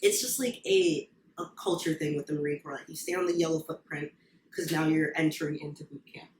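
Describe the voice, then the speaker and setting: A young woman who served as a Marine, chatting casually as a podcast guest and telling her stories in an animated way, often laughing. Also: sits low, fairly quick. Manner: animated storytelling, frequent laughs. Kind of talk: casual chat. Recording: echoey room, faint noise.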